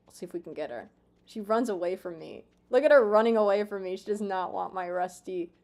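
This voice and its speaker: A woman in her twenties streaming a game, chatting casually with her viewers, swearing freely, excitable and self-mocking. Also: mid-range voice, brisk. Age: 20s. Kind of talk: casual live-stream chat.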